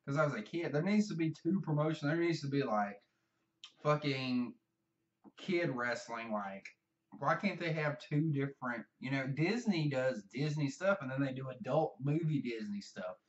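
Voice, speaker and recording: A man's voice: medium pitch, expressive, moderate pace, far from the mic, lo-fi sound. Rambling, foul-mouthed Southern man. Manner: meandering, profane, self-deprecating. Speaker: vlogger. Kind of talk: rambling casual monologue.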